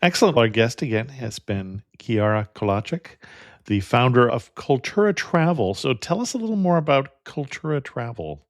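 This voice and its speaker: A man's voice: mid-range voice, sing-song, moderate pace, no echo. Man, podcast host, casual interview, upbeat, dry recording. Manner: upbeat, says "excellent" often.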